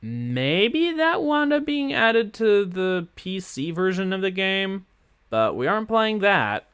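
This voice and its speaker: Giggly male streamer, lively pitch, close dry mic, faint music behind. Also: takes it slowly, clear, resonant tone, dry recording. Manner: chatty, giggly, rambling. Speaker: game streamer. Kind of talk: casual gameplay commentary. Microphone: close mic with pop filter.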